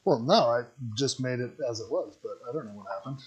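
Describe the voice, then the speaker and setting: A man's voice: mid-range voice, expressive, brisk, breathy edge, dull audio. Joking man telling funny stories. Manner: joking storyteller, laughs often. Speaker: podcast co-host. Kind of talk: casual chat while cooking. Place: home kitchen.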